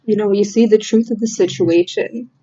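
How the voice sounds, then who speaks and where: A woman's voice: medium pitch, fairly even intonation, normal speed, mellow, slightly rough, muffled recording. A woman giving a casual, heartfelt tarot reading, earnest and emotional, talking with many fillers and restarts. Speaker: tarot reader.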